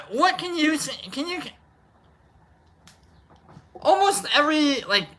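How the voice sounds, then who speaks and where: Woman host just rambling on her stream, repeats stuff, playful, bright voice that goes all over. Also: a little high. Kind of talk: rambling casual chat.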